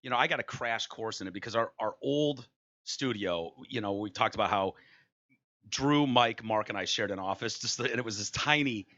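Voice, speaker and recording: A man's voice: fairly low pitch, moderate pace, muffled recording. A man hosting a podcast, telling stories in casual chat and swearing freely. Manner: swears freely, animated storytelling. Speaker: radio host.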